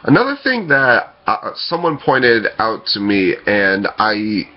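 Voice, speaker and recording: Slow, hesitant man with a low voice. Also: sing-song, dull audio. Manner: rambling, hesitant, many fillers and self-corrections. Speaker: podcast host. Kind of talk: casual news commentary.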